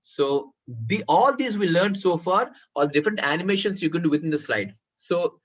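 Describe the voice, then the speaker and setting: A husky, slightly high-pitched man leads a live software workshop, talking his listeners through each step. He keeps asking whether they can see the screen and calls them friends. The recording sounds muffled and lo-fi. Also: lively intonation, normal speed. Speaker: workshop trainer.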